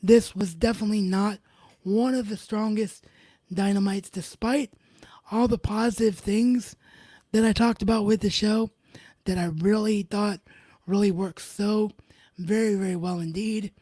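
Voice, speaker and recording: Enthusiastic woman reviewing wrestling, mellow voice. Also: mid-range voice, fairly even intonation, a little slow, no room sound. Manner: enthusiastic, repeats emphatic words. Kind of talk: live solo show review.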